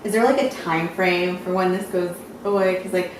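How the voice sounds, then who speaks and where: A woman's voice: lowish voice, steady tone, moderate pace. A woman in a casual group chat, asking questions hesitantly and filling her speech with "like". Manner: hesitant, lots of "like". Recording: very echoey room, distant mic, noise.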